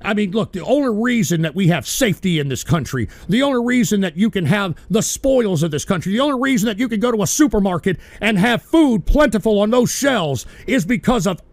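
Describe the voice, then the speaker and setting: A man hosting a live-streamed radio show, ranting angrily at his chat in an aggressive, profane, yelling manner. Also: high voice, animated, fairly quick, few pauses, dry recording. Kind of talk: angry ranting monologue at chat.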